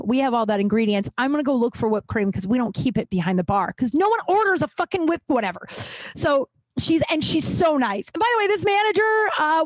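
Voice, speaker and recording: A woman's voice: sits high, no echo. A woman in her thirties hosting a podcast, telling casual stories in a profane, ranting way and acting out the people she quotes. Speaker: podcast host. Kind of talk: casual storytelling monologue.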